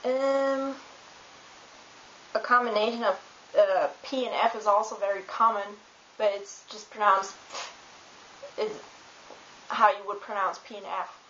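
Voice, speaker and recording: German-native woman tutoring, slow and hesitant, lots of ums, echoey room, muffled hissy audio. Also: medium pitch. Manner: relaxed, hesitant, many ums and uhs. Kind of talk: casual spoken lesson. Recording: roomy, dull home recording with hiss.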